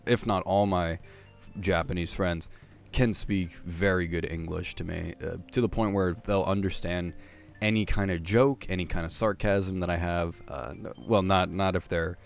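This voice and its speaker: A young man with a very low, gravelly voice rambles through casual anime commentary. He hesitates often and restarts his sentences, and faint music plays behind him. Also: fairly even intonation, normal speed. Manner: hesitant, many fillers and restarts.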